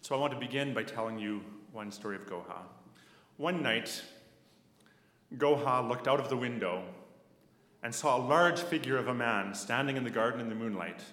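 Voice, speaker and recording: Slow-speaking preacher man in echoey hall. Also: medium pitch. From Canada. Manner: slow, measured, repeats phrases for emphasis, drops to soft asides. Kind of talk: sermon. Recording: echoey hall with long reverb.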